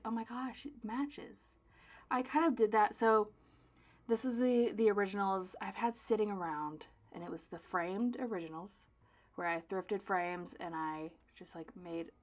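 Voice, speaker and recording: In a relaxed vlog, a fairly low-voiced young woman artist packs orders and chats, swinging from loud exclamations to murmured asides. Her tone is dramatic and self-mocking.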